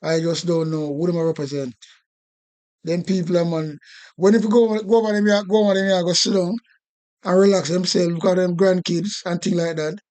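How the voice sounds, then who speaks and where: A man's voice: high-pitched, fairly even intonation, a little fast, a little mellow. A man with a Jamaican accent ranting indignantly on a live stream, repeating himself and swearing. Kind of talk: casual political rant.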